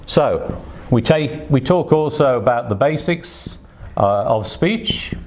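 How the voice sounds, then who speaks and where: A man's voice: mid-range voice, expressive, takes it slowly, a little mellow. A man teaching an online English speaking test lesson, patient and encouraging, with frequent fillers as he explains.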